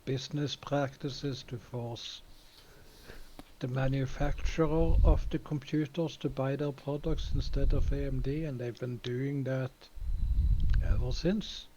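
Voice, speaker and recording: A man's voice: medium pitch, fairly even intonation, measured pace, mellow, highs cut off, slight background noise. A man on a game stream explaining things in a plain, matter-of-fact way. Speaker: stream guest. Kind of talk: casual chat while gaming.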